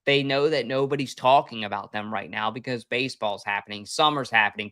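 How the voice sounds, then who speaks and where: A man's voice: medium pitch, fairly quick, few pauses, bright, forceful tone, no echo, clean studio sound. A man co-hosting a casual sports podcast, emphatic and opinionated. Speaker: podcast co-host.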